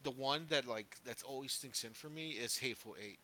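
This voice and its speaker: A man chatting casually on a podcast, hesitant and halting as he gathers his thoughts. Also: medium pitch, sharp tone, slight background noise, poor audio. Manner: hesitant, full of fillers and restarts. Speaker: podcast co-host. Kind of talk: casual chat.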